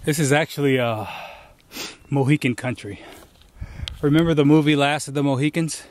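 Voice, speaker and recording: A man's voice: on the high side, moderate pace, darkish tone, a little hiss or hum. Rambling man vlogging on a hike. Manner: rambling, storytelling, emphatic asides. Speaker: hiker vlogger. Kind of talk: casual monologue while hiking. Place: outdoors on a trail.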